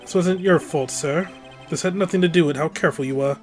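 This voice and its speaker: A stiff, deliberate male prosecutor with a put-on British accent , voiced by a let's player. He speaks every line with measured formality while quiet game music plays behind. The delivery is even and precise. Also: medium pitch, close to an everyday voice. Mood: composed. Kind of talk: let's-play voice acting of game text.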